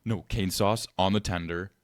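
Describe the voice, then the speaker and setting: A man co-hosting a podcast, emphatic and excitable as he keeps pressing his point. His voice sits a bit low for a man. The recording is dry and close. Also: normal speed, dry recording. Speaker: podcast co-host. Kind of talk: casual chat.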